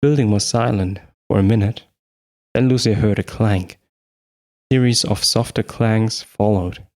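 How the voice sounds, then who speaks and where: Brief: male hobby narrator, a bit low-pitched, reads a horror story plainly. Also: moderate pace, darkish tone. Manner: plain reading with small slips and self-corrections. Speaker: audiobook narrator. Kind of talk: amateur audiobook reading.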